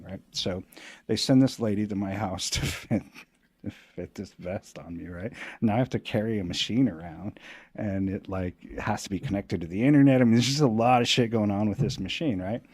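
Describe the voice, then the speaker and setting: A man telling a story as a podcast guest in a loose, animated way. He laughs often and swears casually. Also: fairly low pitch, no echo.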